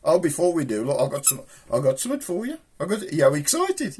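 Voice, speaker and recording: A man's voice: on the high side, huge pitch swings, a little fast, hardly any pauses, darkish tone, husky. A man with a Black Country accent hosting a puppet show, chatting in broad, cheeky, rambling banter. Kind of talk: comic chat with a puppet.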